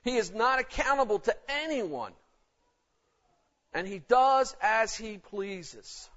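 A man's voice: high-pitched, expressive, slow pace, fairly bright tone. A man preaching a sermon in an emphatic, conversational way. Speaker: pastor. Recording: dull lo-fi recording.

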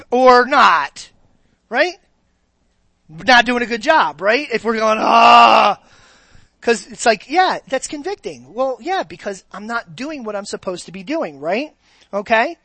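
A woman with a fairly high voice delivers a sermon in a loose, conversational way, pausing over and over to ask whether her listeners follow. The sound is dry and close, with almost no room around it. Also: big pitch swings, a bit bright, dry recording. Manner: conversational, keeps checking in with the audience. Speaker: preacher.

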